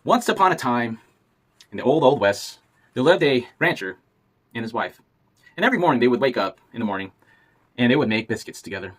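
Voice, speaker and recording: A man's voice: medium pitch, big pitch swings, a little fast, long pauses, fairly bright tone. A man telling a playful, folksy story aloud and voicing its characters. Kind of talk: animated storytelling.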